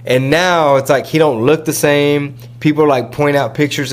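A man hosting a podcast in a casual, rambling, slang-heavy chat, often mimicking other people in quick asides. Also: mid-range voice. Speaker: podcast host.

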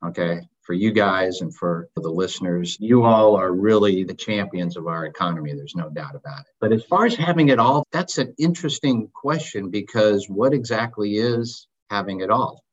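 A man's voice: lowish voice, moderate pace, hardly any pauses, slightly rough. A man speaking as an interview guest in casual talk, earnest and emphatic, often posing questions. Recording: dull lo-fi audio.

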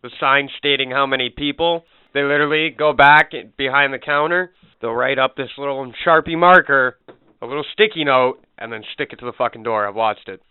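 A man's voice: medium pitch, fairly quick, clear, resonant tone, dry recording. Blunt man on a tinny line. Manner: blunt, combative. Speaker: podcast co-host. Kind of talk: casual profane chat. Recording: tinny phone-like sound.

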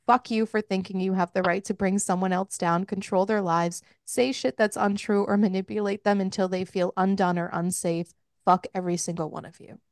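A woman's voice: mid-range voice, steady tone, fairly quick, few pauses, dry recording, studio quality. A young woman hosting a podcast, casually recapping a book in a chatty, profane way with frequent laughter. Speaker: podcast host.

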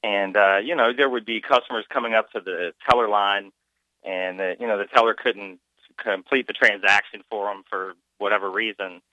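Man, radio caller, halting and filler-heavy, muffled phone-in audio. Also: lowish voice, steady tone, bright, forceful tone. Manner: halting, lots of uh and you know. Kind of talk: phone-in chat.

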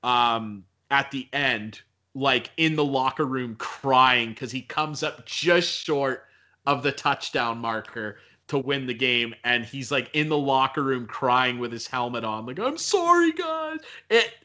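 Bright-voiced casual male co-host. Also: medium pitch, a little slow. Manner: animated, jokey, self-deprecating. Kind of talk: casual chat.

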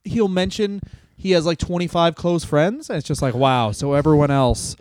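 A man co-hosting a podcast, rambling and joking in casual chat, now and then slipping into quick impressions. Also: fairly high pitch, a little mellow, clear, resonant tone. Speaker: podcast co-host.

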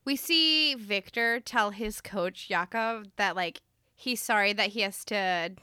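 A woman's voice: medium pitch, slow pace, sharp tone, smooth, dry recording, studio quality. A woman co-hosting a podcast, recapping an episode in casual chat. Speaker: podcast co-host.

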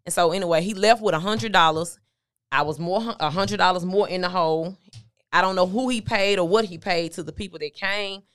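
Woman, middle-aged, interview guest, conversational, smooth voice, dry recording. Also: on the low side, a little fast, fairly bright tone, no echo. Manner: conversational, recounting with quoted dialogue. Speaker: guest, motivational speaker. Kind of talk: candid storytelling interview.

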